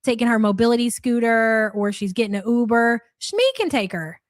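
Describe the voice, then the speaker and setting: A woman's voice: on the high side, lively intonation, normal speed, no echo, studio quality. A woman hosting a live reaction stream, blunt and sarcastic, swearing freely.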